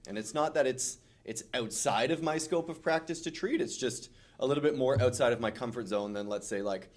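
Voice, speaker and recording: Man, low voice, relaxed podcast chat, chiropractor co-host.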